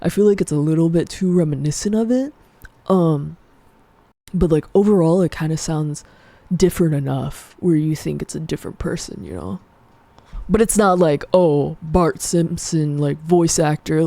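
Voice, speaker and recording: A woman putting on a deep, low-set female voice. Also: normal speed, creaky, warm tone, no echo. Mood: musing. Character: deeper-voiced young woman, calm and low. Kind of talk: live stream chat.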